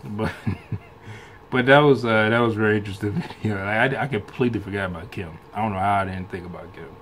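A man's voice: on the low side, a little fast, a bit bright, slight background noise. A man hosting a reaction video in casual, rambling commentary, swearing freely and laughing often between loose, restarting sentences. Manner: laughs often while talking.

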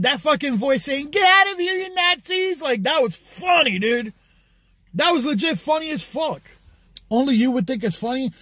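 A man with a very high-pitched voice rants at his stream chat, crude and mocking. The sound is dry and close, with no room around it. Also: a bit bright, breathy edge, dry recording. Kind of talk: ranting to a live chat.

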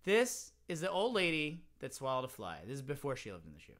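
A man's voice: medium pitch, huge pitch swings, fairly quick, a bit bright. A man teaching a playful children's singalong, singing songs and talking the children through games. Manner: playful, sings and whispers to children. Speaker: music teacher.

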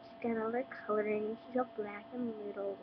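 Speaking at a medium pitch with a level tone, this sick teen girl talks a little fast through her congested nose. She's vlogging casually from home, dropping plenty of likes and ums, captured on a dull, humming lo-fi webcam.

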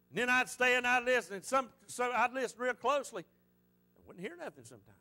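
A male pastor delivering a fervent sermon. His voice is high and bright with a sharp, forceful edge. He repeats phrases for emphasis and tells stories as he preaches. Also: quick pace. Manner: fervent, repetitive preaching with storytelling.

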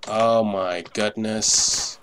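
A man's voice: fairly low pitch, steady tone, drawn-out words, noisy background. A man giving live gameplay commentary, swearing often in frustrated outbursts over keyboard clicks. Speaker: gamer.

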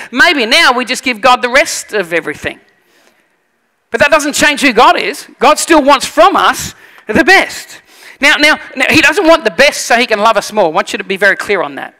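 Male pastor, lively storyteller, bright edge, echoing church hall. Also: very high voice. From Australia. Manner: animated storytelling, acts out voices. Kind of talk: sermon.

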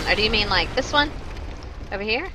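A woman's voice: mid-range voice, animated, brisk, music in the background, poor audio. A young woman streaming a video game live, chatting with her viewers and joking as she panics at what happens on screen. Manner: jokey, panicky, talks to chat. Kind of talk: live gameplay commentary.

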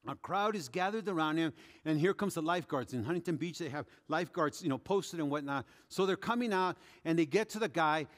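A man preaching as a pastor, telling a story with animated delivery and acting out what people said. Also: a little high, brisk. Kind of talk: sermon. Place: church sanctuary. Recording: long hall reverb.

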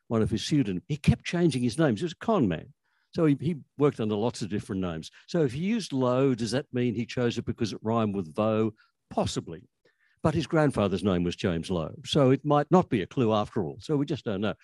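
A man's voice: medium pitch, warm tone, no echo. An older Australian man giving a conversational, anecdotal talk about language history, with frequent restarts. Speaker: author speaking on language history.

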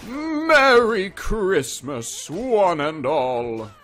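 A man's voice: sits high, very animated, extremely slow, fairly bright tone, voice pushed up, full character voice. A man doing an exaggerated celebrity-style impression of a jolly holiday greeter, stretching every word out. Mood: jolly drawl.

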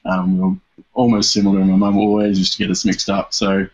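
A man's voice: low-pitched, completely flat delivery, fast talker. A man with dry humour, telling a story as a guest on a casual podcast. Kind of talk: casual interview chat. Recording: dull lo-fi podcast audio.

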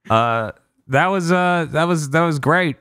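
A man hosting a podcast, telling stories in casual chat, blunt and quick to swear. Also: sits high, sharp tone, no room sound, clean studio sound. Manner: storytelling, blunt, swears freely. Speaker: podcast host.

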